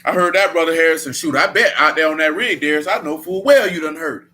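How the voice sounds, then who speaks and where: A man's voice: on the high side, quick pace, sharp tone. A man leading a Bible study in a casual preaching style, blunt and emphatic, with a lot of slang.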